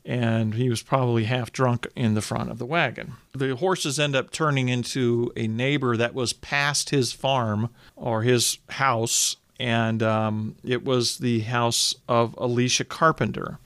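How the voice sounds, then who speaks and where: A man's voice: medium pitch, fairly even intonation, measured pace, a bit bright, no room sound. A man hosting a podcast, telling a history story in a conversational way with casual asides and fillers.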